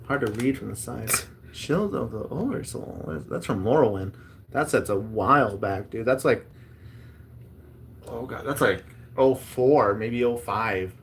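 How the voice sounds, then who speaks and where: Male host, casual chatty delivery, mid-pitched, loose and rambling, faint background hiss. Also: animated, measured pace, gravelly. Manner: rambling, chatty, reads card text aloud. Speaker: host opening card packs. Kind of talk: casual chat.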